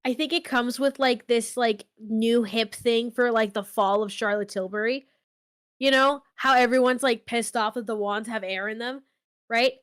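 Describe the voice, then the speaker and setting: A woman's voice: on the high side, fairly even intonation, normal speed, fairly bright tone, clear, resonant tone. A woman with a Boston accent, a guest commentator on a live stream, rambling casually with lots of "like". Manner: rambling, filler-heavy.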